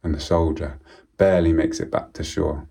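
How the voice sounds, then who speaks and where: A man telling a folk tale aloud in a measured, solemn way, often dropping to a quiet voice. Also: a bass voice, fairly even intonation, gravelly, breathy edge. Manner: slow, measured and solemn with repetitions. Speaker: storyteller. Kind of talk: oral storytelling of a folk tale.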